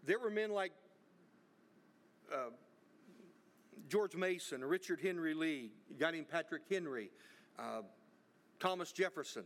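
A man's voice: on the high side, fairly bright tone. A middle-aged man preaching a sermon, telling history as a story, often repeating words and restarting his sentences.

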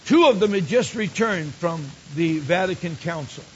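A man's voice: high voice, lively intonation, normal speed. An older man preaching a sermon, telling stories and rising to emphatic exclamations. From Michigan. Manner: storytelling, builds to emphatic exclamations. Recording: dull lo-fi recording with faint hiss.

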